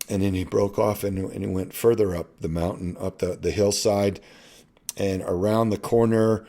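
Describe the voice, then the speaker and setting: Man, middle-aged, deep voice, earnest halting storytelling, often trails off quietly. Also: fairly even intonation. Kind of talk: personal storytelling.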